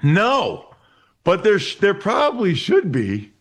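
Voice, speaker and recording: A man in his forties from Pennsylvania, telling stories as a guest. His voice sits a bit high for a man. He is animated and keeps restarting his sentences with repeated words. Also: slow. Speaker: interview guest. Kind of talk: casual storytelling.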